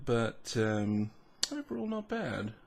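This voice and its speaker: A man of ordinary pitch talks through a tasting in a relaxed, rambling vlog manner. He hums between thoughts, restarts his sentences and pokes fun at himself. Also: slow pace, creaky. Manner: musing, rambling, self-mocking, with hums and restarts. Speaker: whisky reviewer.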